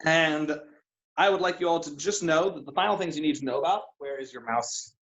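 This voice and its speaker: Guy game master running a tabletop session, kinda high voice, lots of uhs and ums. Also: a bit bright, lo-fi sound. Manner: halting narration with many fillers. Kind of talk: narrating a tabletop game over a call.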